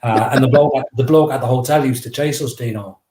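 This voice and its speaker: Middle-aged guy spinning a yarn, mid pitch, echoey room. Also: fast talker. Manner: lively, anecdotal, acts out dialogue. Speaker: guest, memoir author. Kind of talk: casual storytelling. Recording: roomy echo.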